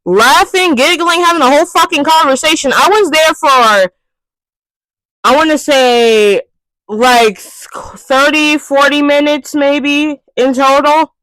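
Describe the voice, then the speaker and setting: A young woman vlogger in an exasperated, swearing rant, breaking into loud outbursts. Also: sits high, slow, no echo, low-quality recording. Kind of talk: ranting vlog monologue.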